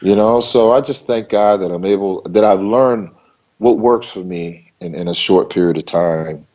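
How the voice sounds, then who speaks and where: This interview guest, a bodybuilder from Maryland, has a low-pitched, warm voice and talks at a normal speed. He's loose and emphatic, driving his points home by repeating words. The recording comes across dull and lo-fi.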